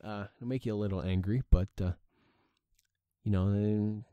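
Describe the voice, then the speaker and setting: A man's voice: on the low side, steady tone, a little slow, dark tone, clean tone, no echo. A tired young man commentating his own gameplay, swearing freely and grumbling in frustration. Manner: swears often, frustrated at the game. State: exhausted. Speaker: gaming channel host. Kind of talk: let's play commentary.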